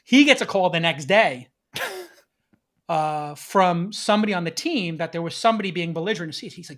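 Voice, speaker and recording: A man hosting a podcast, telling a casual story in an animated way, laughing now and then. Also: high voice, normal speed. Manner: animated, laughs between lines. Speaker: podcast host.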